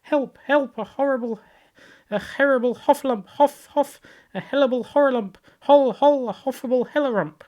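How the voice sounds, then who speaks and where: A man voicing a tiny, timid male piglet in a storybook read-aloud, squeaky, breathless and stammering. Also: normal speed, vocal fry, dull audio, exaggerated voice. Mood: panicked.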